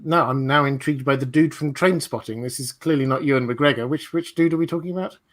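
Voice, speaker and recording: A man's voice: mid-range voice, fast. A man hosting a casual livestream chat, thinking aloud as he goes. He rambles and digresses, often breaking off and starting his sentences again. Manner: rambling, digressive, many fillers and restarts. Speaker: host. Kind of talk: livestream discussion.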